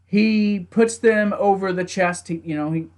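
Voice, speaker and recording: A young man talks through a wrestling match in a loose, casual recap, his voice set a little high for a man. He gets animated and laughs easily, now and then slipping into quick acted-out lines from the wrestlers. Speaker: wrestling show reviewer.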